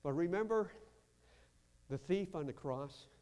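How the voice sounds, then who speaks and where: A man preaching a lively sermon as pastor in a church, acting out quotes and breaking into shouts. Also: sits high, unhurried, clear, resonant tone. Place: church sanctuary. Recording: long hall reverb.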